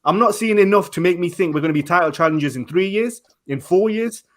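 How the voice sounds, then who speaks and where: A man's voice: high voice, expressive, fast talker. A man debating football as a fan pundit, ranting heatedly and firing off rhetorical questions. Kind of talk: passionate casual debate.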